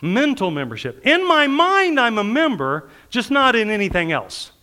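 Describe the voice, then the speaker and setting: A man's voice: extremely high pitch, normal speed, smooth. A man preaching a sermon, telling stories and acting out the people in them, often laughing as he talks. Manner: animated, acts out quoted people, laughs while preaching. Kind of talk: sermon storytelling.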